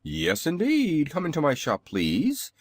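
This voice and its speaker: Guy doing a funny polite old inventor, high sing-song voice, bouncy. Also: huge pitch swings, measured pace, vocal fry, dry recording, clean studio sound, full character voice. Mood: courteous.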